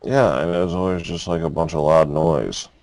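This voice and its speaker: Male podcast co-host, lowish voice, dry close mic, rambling and jokey. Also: normal speed, a little mellow, no echo. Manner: rambling, laughs often, mimics movie lines. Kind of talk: casual uncensored chat.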